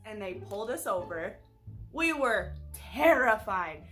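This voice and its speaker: A woman's voice: mid-range voice, very animated, a little slow, a bit bright, faint music behind. Chatty young woman telling a story. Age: young adult. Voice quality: casual, profane, chatty with many "like"s. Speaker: vlogger. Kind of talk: casual storytime.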